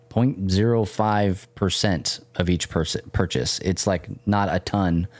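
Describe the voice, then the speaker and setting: A man's voice: fairly low pitch, a little mellow, no echo. A man co-hosting a podcast in casual chat, jokey and rambling. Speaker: podcast co-host.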